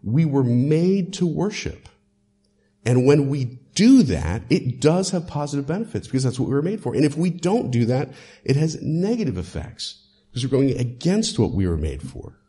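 Guy pastor preaching, mellow voice, really animated ups and downs, lots of uhs. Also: medium pitch, normal speed. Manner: lively, emphatic preaching with frequent "uh" fillers. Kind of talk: sermon.

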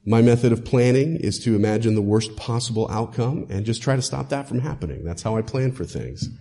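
A man's voice: mid-range voice, dark tone. A male pastor preaching a sermon, emphatic and conversational, with frequent "uh" fillers.

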